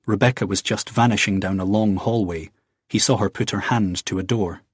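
Husky-voiced male audiobook narrator. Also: fairly low pitch, steady tone, normal speed, no room sound, studio quality. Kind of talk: scripted narration.

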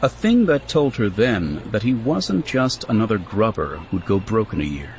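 A man narrating a novel in a measured, expressive storytelling voice. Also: fairly low pitch, slight background noise. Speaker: audiobook narrator. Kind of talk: scripted narration.

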